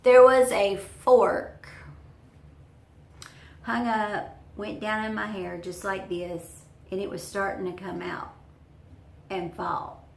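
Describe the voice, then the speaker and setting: A woman's voice: mid-range voice, steady tone, slow, gravelly, echoey room, slight background noise. A woman telling a personal story to her viewers in a chatty, folksy way. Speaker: vlogger. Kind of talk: storytelling vlog.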